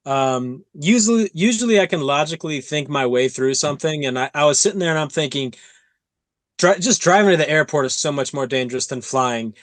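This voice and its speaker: A man hosting an interview podcast, telling stories in an animated way and acting out his own quotes. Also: a little high, a little fast, dry recording. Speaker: podcast host. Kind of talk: casual interview chat.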